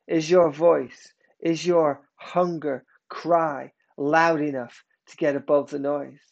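A man preaching a sermon, emphatic, swinging between loud declarations and hushed, slowed passages. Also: on the high side, gravelly.

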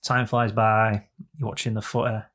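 A man's voice: lowish voice, little pitch movement, normal speed, a bit bright. A young man co-hosting a podcast in a jokey, rambling chat with playful repetition. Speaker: podcast co-host. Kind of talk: casual chat.

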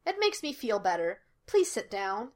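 A woman's voice: medium pitch, very animated, moderate pace, close to an everyday voice. A woman voicing a scattered, breezy young woman in her twenties, in a storybook reading. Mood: chirpy. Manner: bright, breezy, a little wild.

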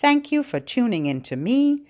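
A woman hosting a podcast for babies, singing nursery rhymes and fingerplays in a playful, sing-song way and giving parents gentle instructions. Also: fairly high pitch, big pitch swings, moderate pace.

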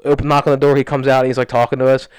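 The young man's voice is medium in pitch, clear and resonant, free of echo, heard through a studio podcast mic. As a podcast co-host in casual chat, he rambles fast through an animated story, saying "like" again and again.

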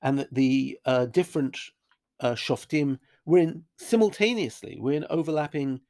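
A man's voice: mid-range voice, normal speed, darkish tone. Man teaching a Bible chapter. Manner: thoughtful, with fillers and restarts, Hebrew quotes.

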